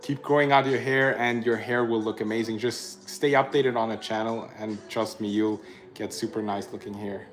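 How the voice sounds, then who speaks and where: A man's voice: lowish voice, steady tone, normal speed. A young man hosting a casual livestream, chatting and laughing as he reads out viewer comments and thanks them. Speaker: livestream host reading chat.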